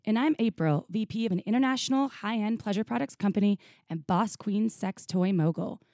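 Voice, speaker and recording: A woman's voice: medium pitch, a little fast, a little mellow, no echo, clean studio sound. A woman co-hosting a podcast, bubbly and jokey, laughing often. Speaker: podcast co-host. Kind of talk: casual podcast chat.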